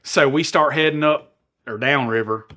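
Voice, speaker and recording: A man's voice: medium pitch, moderate pace, bright, forceful tone. A middle-aged man with a Southern US accent, co-hosting a podcast and telling a rowdy, profane story, acting out the quoted lines. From American South. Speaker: podcast co-host. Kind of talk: animated storytelling.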